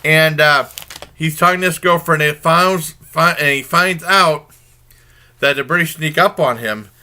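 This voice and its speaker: A man with a strikingly bright, forceful voice, pitched a little above the usual, talks through a TV comedy in a casual review. He retells the story loosely and conversationally. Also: a little slow, slight background noise. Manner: rambling plot retelling; informal and conversational. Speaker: TV show reviewer.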